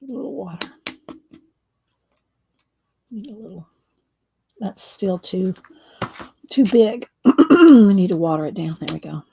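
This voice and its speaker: A woman talking casually through a mixed-media craft tutorial, hoarse and losing her voice, often clearing her throat and muttering to herself as she paints. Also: mid-range voice, animated, slow pace, pauses often, mellow, slight background noise. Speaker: mixed-media art creator.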